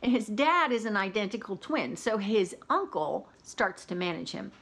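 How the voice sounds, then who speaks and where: A woman's voice: medium pitch, lively intonation, normal speed, fairly bright tone, breathy edge. A woman hosting her own vlog, chatting casually about audiobooks with lots of "you know" asides. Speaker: audiobook reviewer.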